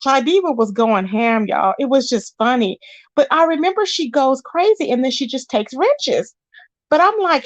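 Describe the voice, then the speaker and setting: A woman's voice: high-pitched, no room sound, highs cut off. A woman hosting a casual livestream, chatting and greeting viewers by name with pet names. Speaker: livestream host. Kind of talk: casual reaction chat.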